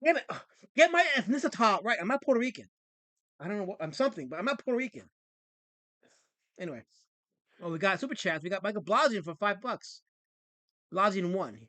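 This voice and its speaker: A man's voice: high-pitched, sing-song, brisk, long pauses, bright, forceful tone, no room sound. A man hosting a livestream, reading viewer comments out in a sarcastic, mock-offended tone and going off on playful rants. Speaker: livestream host.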